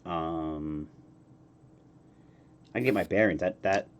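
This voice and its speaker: A man hosting a casual streamed interview, relaxed and halting, reading questions from chat. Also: low-pitched, a little hiss or hum. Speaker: podcast host.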